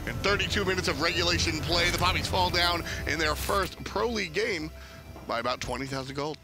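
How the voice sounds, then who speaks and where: Gravelly high-voiced esports caster man. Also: fairly quick, music in the background. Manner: jokey, energetic play-by-play. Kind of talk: live play-by-play commentary.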